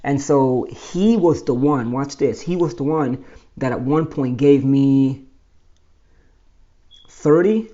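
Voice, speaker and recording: A man's voice: mid-range voice, slow pace, long pauses, dark tone, muffled recording. A man telling his own life story in a rambling monologue, often restarting and correcting himself.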